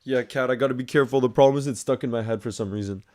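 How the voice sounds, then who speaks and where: A man's voice: medium pitch, rapid-fire, darkish tone. A man with a Northern Irish accent chatting casually through a live match watchalong, greeting viewers and answering their questions.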